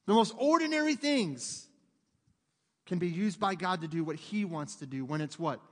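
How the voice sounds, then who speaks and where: A man preaching a sermon in an animated way, joking with the congregation and acting out voices. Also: sits high, normal speed. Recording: long hall reverb.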